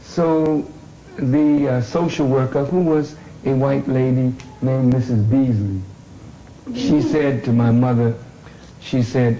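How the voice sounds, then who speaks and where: An older man telling his grandchildren a family story in a deliberate way, pausing often with fillers. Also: medium pitch, mellow. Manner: deliberate, with long pauses and fillers. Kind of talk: slow storytelling. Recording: dull, roomy recording with faint hum.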